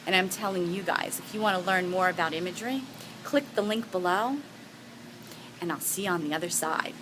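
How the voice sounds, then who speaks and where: A woman's voice: on the low side, fairly quick, noisy background. A woman giving a motivational talk to camera, telling personal stories in an earnest, heartfelt and encouraging way. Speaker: motivational speaker.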